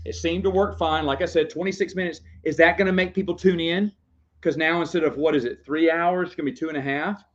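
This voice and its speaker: In this dull, lo-fi recording, a young vlogger chats casually on camera at a quick pace, his fairly high voice steady in tone. He rambles, laughs often and stops now and then to speak to his baby.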